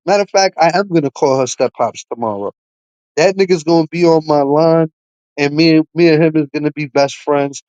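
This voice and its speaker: Guy on a stream trash talking, kinda high voice, dry close sound, cussing nonstop. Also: darkish tone, no echo, rough recording. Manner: trash-talking, profane, mocking. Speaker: livestream host. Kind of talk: heated livestream rant.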